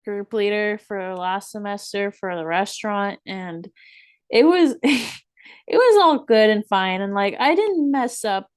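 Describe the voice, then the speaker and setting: A young woman co-hosting a podcast, chatting casually in a relaxed, giggly, self-deprecating way. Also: mid-range voice, measured pace, smooth. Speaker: podcast co-host. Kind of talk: casual chat.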